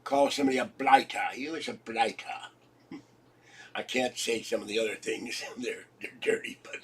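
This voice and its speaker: A man's voice: medium pitch, steady tone, normal speed, a bit bright, slightly rough, recorded from a distance, poor audio. A congested man chatting casually for his home video, joking and chuckling as he rambles from topic to topic. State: congested, coughing. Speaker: vlogger.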